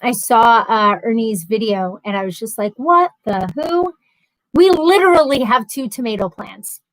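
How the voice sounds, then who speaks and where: Chatty, high-voiced woman hosting a livestream. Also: moderate pace, no room sound, poor audio. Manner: chatty, reads out viewer comments, laughs easily. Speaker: livestream host. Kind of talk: casual livestream chat.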